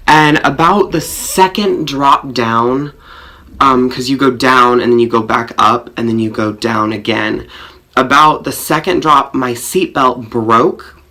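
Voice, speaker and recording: A man's voice: medium pitch, unhurried, pushed and bright. A man vlogger telling a personal story in a rambling, self-mocking way, full of fillers. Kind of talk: storytime vlog.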